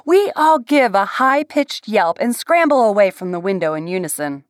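Expressive woman reading a novel aloud. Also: mid-range voice, normal speed, dry recording, clean studio sound. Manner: expressive first-person storytelling. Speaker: narrator.

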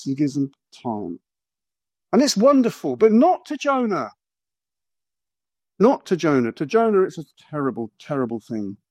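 A middle-aged man preaching a sermon, animated and acting out quotes with exaggerated voices. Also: high voice, no room sound.

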